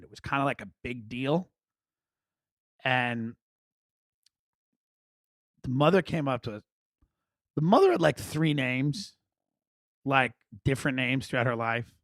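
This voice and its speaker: A man hosting a podcast, telling comic stories in a rambling, wry, animated way. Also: mid-range voice, no echo, studio quality. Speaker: podcast host. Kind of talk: comic storytelling monologue.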